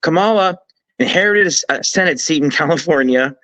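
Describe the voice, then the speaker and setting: A man's voice: on the high side, a little fast, no echo, low-quality recording. Emphatic man on a political talk show. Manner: emphatic, animated storytelling with restarts. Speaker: guest commentator.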